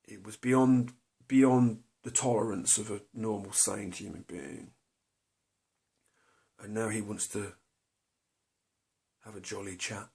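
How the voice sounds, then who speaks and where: A man's voice: on the low side, steady tone, takes it slowly, vocal fry, pauses often, warm tone. A middle-aged man tells a personal story to camera, hesitant and confessional, full of fillers and restarts. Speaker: vlogger.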